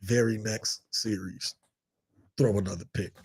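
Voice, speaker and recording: A man hosting a casual chat show, telling animated stories and mimicking others in high shouted voices. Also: a little slow, slightly rough. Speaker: podcast host.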